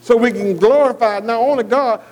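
A man preaching a sermon. He reads scripture slowly and keeps asking the congregation whether he is right. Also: very high voice, darkish tone, poor audio. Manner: repeatedly asks "am I right?". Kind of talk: sermon with call-and-response.

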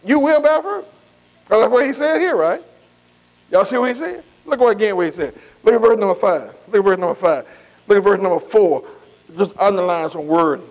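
Man, pastor, high-pitched, repetitive call-and-response preaching. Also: animated, brisk, a little mellow, poor audio. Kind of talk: sermon.

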